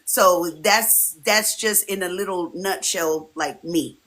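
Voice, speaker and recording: A woman's voice: fairly low pitch, slow. A woman in her forties chatting casually as an interview guest, telling stories and acting out the voices of friends she quotes. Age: 40s. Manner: animated storyteller, often acting out quoted friends. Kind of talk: casual chat. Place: home streaming setup.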